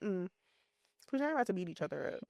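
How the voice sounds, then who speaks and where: A woman's voice: fairly low pitch, quick pace, gravelly, no room sound, studio quality. A woman in her thirties chatting casually as a podcast co-host, telling family stories and acting out what people said. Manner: animated storyteller, acts out quotes in lively voices. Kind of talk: casual chat.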